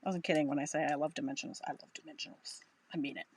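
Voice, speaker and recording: A woman's voice: low voice, steady tone, racing, husky. A woman with a Boston accent giving a chatty, upbeat live crafting tutorial, thinking aloud as she works. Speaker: craft demonstrator.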